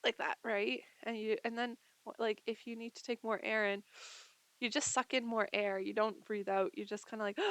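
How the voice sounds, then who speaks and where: Brief: higher-pitched woman, sick and tired, rambling casual vlog story, dry close sound. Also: level tone, moderate pace, a bit bright, no echo. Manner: chatty, heavy use of filler words. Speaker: vlogger. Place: at home.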